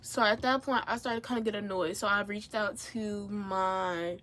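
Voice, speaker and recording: A young woman vlogger telling a profane, animated story while doing her makeup. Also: mid-range voice, moderate pace. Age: young adult. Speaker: beauty vlogger. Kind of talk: get-ready-with-me storytime.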